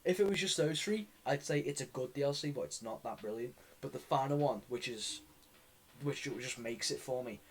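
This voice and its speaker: A man's voice: medium pitch, moderate pace, low-quality recording. A man hosting a casual podcast chat, rambling and swearing with many restarts. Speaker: podcast host.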